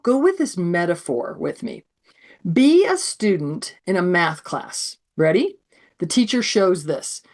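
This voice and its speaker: A woman presenting a math education webinar with a sore throat, animated and acting out classroom scenes. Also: medium pitch.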